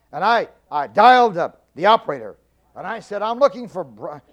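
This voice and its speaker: A middle-aged man giving a humorous storytelling speech, folksy and animated, stammering and repeating himself for effect. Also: high voice. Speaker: public speaker.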